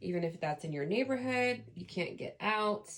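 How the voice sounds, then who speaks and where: A woman's voice: medium pitch, expressive, moderate pace. A woman giving a casual pick-a-card tarot reading, chatty and earnest, reading card texts aloud and adding her own thoughts. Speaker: tarot reader.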